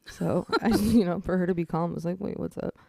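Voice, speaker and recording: Young woman on a podcast, bit of vocal fry, laughs a lot, dry close mic. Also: fairly low pitch, steady tone, brisk, mellow, dry recording. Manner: laughs often, swears casually. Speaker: podcast co-host. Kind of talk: casual chat.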